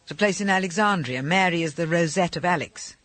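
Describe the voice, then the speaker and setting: A man's voice: high-pitched, a little fast, fairly bright tone, dry recording. A man reading an audiobook and voicing a chatty young male pilot passing on gossip. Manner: eager, chatty storytelling.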